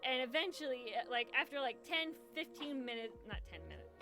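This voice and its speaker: A woman's voice: high-pitched, a little fast. A young woman hosting a livestream, telling a story casually, full of swearing and laughter. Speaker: charity livestream host. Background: lofi hip hop music.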